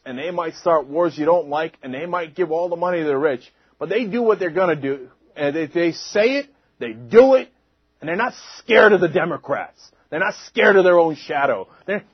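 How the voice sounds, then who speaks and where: A man's voice: fairly high pitch, breathy edge, no room sound, highs cut off. Indignant man ranting on political talk. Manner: indignant, mocking, punchy delivery. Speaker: political commentary host. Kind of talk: heated political commentary monologue.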